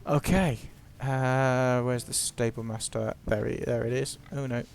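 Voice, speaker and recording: Man, gravelly voice, chatty game travelogue commentary with a playful, self-deprecating streak. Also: mid-range voice, flat delivery, measured pace, a little mellow, a little hiss or hum. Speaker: gameplay narrator. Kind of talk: casual gameplay commentary.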